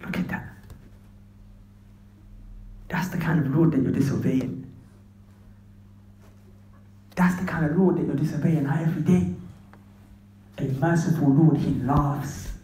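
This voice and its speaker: A man's voice: fairly high pitch, fairly even intonation, measured pace, long pauses, dark tone, roomy sound. A man preaching an impassioned street sermon, talking straight to the young men listening as brothers and slipping into slang. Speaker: Islamic preacher.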